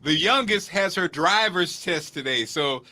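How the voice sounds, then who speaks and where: Bright, high-voiced male show host. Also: animated, a little slow. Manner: warm hype, laughing, encouraging. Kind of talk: casual show banter.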